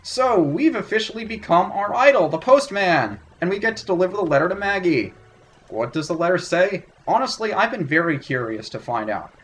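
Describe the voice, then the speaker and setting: A man hosting a let's play, giving chatty, self-mocking, excitable video game commentary. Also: sits high, a little fast, soft background music.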